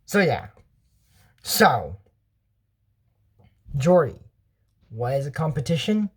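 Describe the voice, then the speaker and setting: This cartoon-review host wanders through her commentary, digressing and correcting herself partway through sentences. Her low voice swings widely in pitch, and she takes it slowly with frequent pauses.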